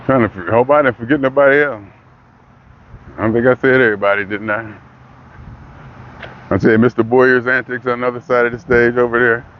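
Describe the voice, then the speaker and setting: An older man, rambling in a casual monologue that builds into excitement. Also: mid-range voice, brisk, pauses often, dull audio, a little hiss or hum. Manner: rambling, talks himself into excitement. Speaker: vlogger.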